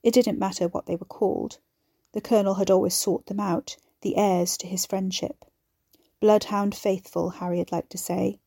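A woman reads a chapter of a serialized story aloud at a steady, measured pace. Her voice is mellow and relaxed. The recording is dry and close. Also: medium pitch, breathy edge, no echo. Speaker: narrator. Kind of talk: audiobook narration of a serialized story.

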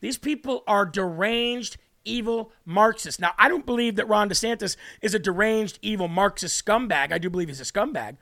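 A man hosting a political commentary show, talking combatively and emphatically straight to his viewers, and slowing down to repeat key points. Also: sits high, pushed and bright.

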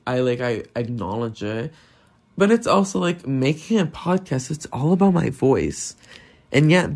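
A man's voice: mid-range voice, darkish tone. Candid young man with a non-native accent. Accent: non-native English accent. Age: young adult. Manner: candid, self-deprecating, swears often. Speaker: podcast host. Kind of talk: casual solo monologue.

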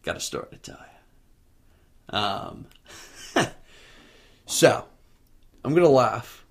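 A man's voice: mid-range voice, very animated, takes it slowly, creaky. A man co-hosting a casual podcast, telling a story and laughing his way through it. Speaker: podcast co-host. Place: video podcast set.

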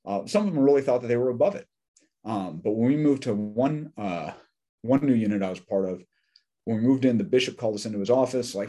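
A man's voice: mid-range voice, fast talker, mellow. A middle-aged man telling candid, joking stories as a podcast guest. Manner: candid and joking, with wry asides. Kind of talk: casual conversational storytelling.

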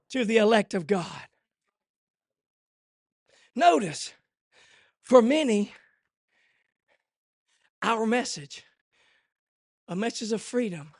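A male preacher delivering a church sermon, swinging from hushed murmurs to shouted, rhythmic refrains. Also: sits high, no room sound, studio quality. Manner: repeats refrains in a call-and-response cadence. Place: church service.

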